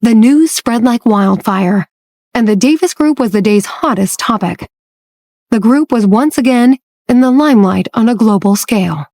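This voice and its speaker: A woman reading a romance audiobook as scripted narration, telling the story slowly and evenly. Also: on the high side, animated, darkish tone.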